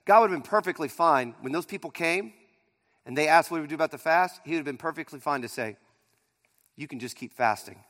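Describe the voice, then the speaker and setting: A male pastor preaching a sermon, swinging between loud emphasis and near-quiet asides. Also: a little high, quick pace. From Pittsburgh area. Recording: long hall reverb.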